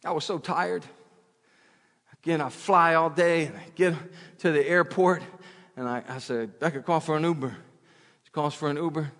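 A man preaching a sermon with passion, repeating his phrases and swinging from loud to hushed. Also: a little high, moderate pace, long pauses. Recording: long hall reverb.

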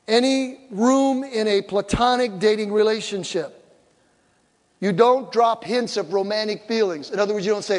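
An older man preaching a sermon as pastor, humorous, and he acts out little quoted exchanges. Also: high-pitched. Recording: long hall reverb.

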